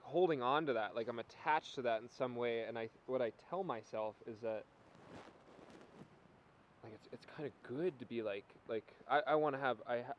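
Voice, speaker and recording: Young man talking hesitantly, lo-fi recording. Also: mid-range voice. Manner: reflective, filler-heavy, hesitant. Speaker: podcast host. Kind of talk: casual conversation. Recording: dull lo-fi recording with faint hiss.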